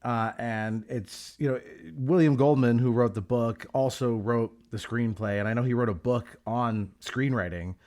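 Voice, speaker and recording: A man's voice: medium pitch, steady tone, moderate pace, hardly any pauses, darkish tone. A middle-aged man hosting a podcast, talking in a reflective, enthusiastic way with a lot of "like" fillers. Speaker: podcast host. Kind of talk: casual chat.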